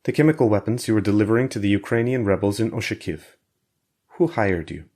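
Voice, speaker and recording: A man voicing a calm male interrogator who speaks softly and reassuringly, like a concerned parent. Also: fairly low pitch, fast talker. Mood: pressing. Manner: soft, reassuring, coaxing.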